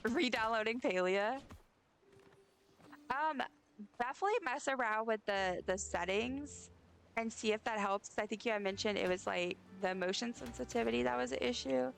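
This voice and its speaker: A young woman streams a game and chats with her viewers in a rambling, friendly way, speaking straight to her chat as she plays. Her voice is a little high and gravelly, at a moderate pace.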